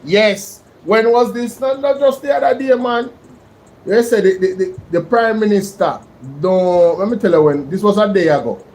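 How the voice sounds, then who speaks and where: A man's voice: high voice, moderate pace, a little mellow, slight background noise, low-quality recording. A man with a Jamaican accent hosting a casual live-stream reaction, chatting to his viewers. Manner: chatty, addresses viewers by name. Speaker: YouTube reaction host.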